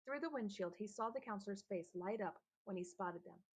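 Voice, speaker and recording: A woman narrating a children's novel aloud, telling the story in a steady, lightly animated way. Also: medium pitch, fairly quick, husky, low-quality recording. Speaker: audiobook narrator.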